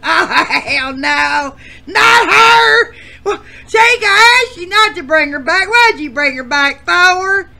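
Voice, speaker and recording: A man voicing a shrill, wailing old woman who shrieks her lines. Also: sing-song, drawn-out words, vocal fry, bright, forceful tone, raised voice, full character voice.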